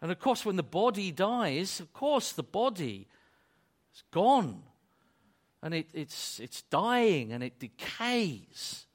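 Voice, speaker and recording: A man with a slightly raised pitch delivers a sermon, building to loud peaks before easing back to near quiet. He restarts and repeats phrases as he goes. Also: big pitch swings, slow pace. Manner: dynamic preaching, swells loud then drops soft. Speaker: preacher.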